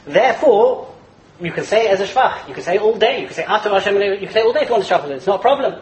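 A man teaching a Torah class in a lively lecture, chuckling as he explains and mixing Hebrew and Yiddish terms into his English. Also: high voice, racing, poor audio. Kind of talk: animated religious lecture.

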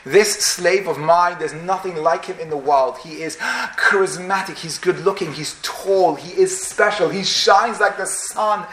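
A man's voice: sits high, a little slow, fairly bright tone, roomy sound, a little hiss or hum, low-quality recording. A man voicing a boastful male slave trader who drags out his words while bragging, in a sermon story.

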